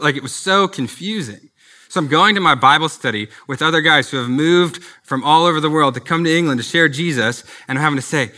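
A man's voice: a little high, animated, a little fast, pushed and bright. A man preaching a sermon as a pastor, earnest and conversational, with personal asides.

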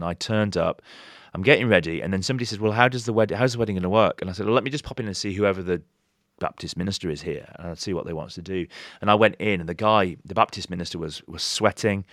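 Brief: low-voiced pastor, animated storyteller, dry close sound. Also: male voice, quick pace, dry recording. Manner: animated storyteller, voices quoted people with pitch jumps. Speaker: pastor and author, podcast guest. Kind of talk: casual podcast interview.

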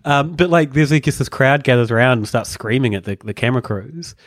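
A man's voice: mid-range voice, fairly quick, dry recording, studio quality. A man hosting a podcast, telling stories in casual comedic chat and chuckling often. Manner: rambling storyteller, chuckling often. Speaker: podcast host.

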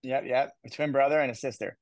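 A man in his thirties from the United States, a guest telling his life story in an interview, animated and quick to repeat words. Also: mid-range voice, no echo. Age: 30s. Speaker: guest speaker.

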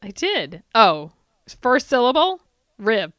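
A woman's voice: fairly high pitch, big pitch swings, slow, fairly bright tone, smooth, no echo, clean studio sound. A woman hosting a quiz on a casual podcast, teasing and laughing as she reads the questions. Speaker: podcast co-host, quizmaster. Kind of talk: casual chat.

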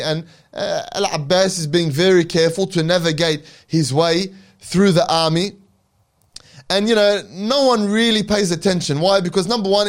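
A male preacher carries his audience through a dramatic religious story in a storytelling lecture. His voice sits slightly high for a man, and he pauses for reverent asides. The narration moves with dramatic emphasis.

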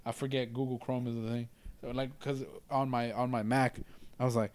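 A man from Florida chats in a relaxed way, heavy on slang and quick jokes. His voice sits at a middling pitch. He sounds like one of the regulars at a casual podcast table. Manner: laid-back, joking, slangy. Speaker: podcast co-host. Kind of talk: casual chat.

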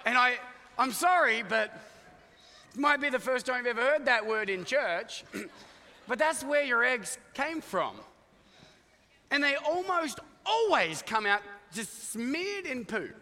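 Pastor guy from iowa, high swingy voice, goofy storytelling sermon. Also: measured pace, big-room sound. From Iowa, United States. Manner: animated, joking storyteller acting out voices. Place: church auditorium with congregation.

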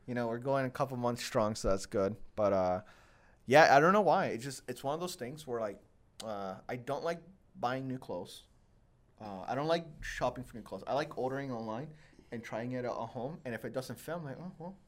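A young man chatting casually on a podcast, wandering from story to story and poking fun at himself. His voice sits at an ordinary middle pitch, and his talk is full of fillers and restarts. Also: animated, moderate pace. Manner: rambling, self-deprecating storytelling with many fillers. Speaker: podcast host. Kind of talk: casual chat.

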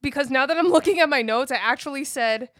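Give me a woman co-hosting a movie podcast, quick reactions, slightly high voice. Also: a bit bright, dry recording, clean studio sound. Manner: reactive, quick exclamations and frequent laughs. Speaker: podcast co-host. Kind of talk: casual movie review chat.

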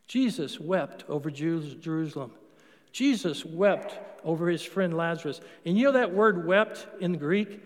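High-voiced middle-aged man preaching in a hall. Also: animated, normal speed. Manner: conversational, storytelling, with emphatic punches. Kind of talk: sermon. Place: church sanctuary. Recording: long reverb of a large hall.

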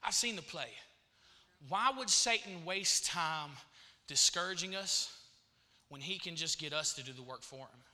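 A man's voice: sits high, unhurried, pushed and bright. A man preaching a sermon in church, repeating phrases and calling out to the congregation.

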